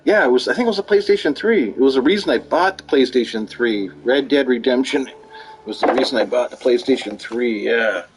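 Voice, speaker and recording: Over game music, a gaming streamer talks briskly in a mid-range, animated voice, with slight background noise and poor audio. His casual chat is rambling, story-driven, and full of swearing.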